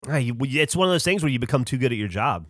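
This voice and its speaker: Man, podcast co-host, casual stories, salty language, mid-pitched, dry sound. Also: fast talker, dry recording. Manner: animated storyteller, swears casually. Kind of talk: casual chat.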